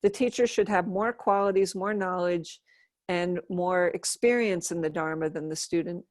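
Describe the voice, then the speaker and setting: Animated woman telling a story. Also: on the low side, moderate pace, dry recording. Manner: animated storyteller, acts out quoted dialogue. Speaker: interview guest, Buddhist nun. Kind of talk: storytelling in a relaxed interview.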